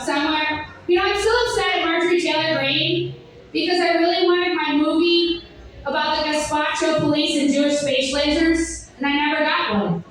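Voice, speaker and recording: A young woman doing a stand-up comedy set with a sardonic, rambling delivery, breaking into sung and shouted bits. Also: very high voice, slight background noise. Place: comedy club stage. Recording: echoey club from far off.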